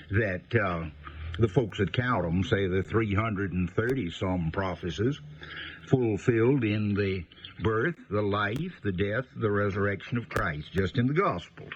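A man giving a conversational Bible teaching, folksy and unhurried, pausing often with fillers. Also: fairly low pitch, highs cut off, slight background noise.

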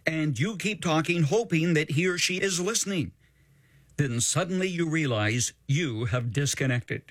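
Man giving a dry, measured radio commentary. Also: mid-range voice, fairly bright tone, dry recording.

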